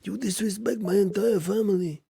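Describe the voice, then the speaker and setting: Give a brooding shadow creature a mob boss's Italian-American gangster drawl, as a man voices him. The voice rises higher, and it stays gravelly and husky. He sounds aggrieved and menacing. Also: steady tone, moderate pace, dark tone, no echo, clean studio sound, exaggerated voice.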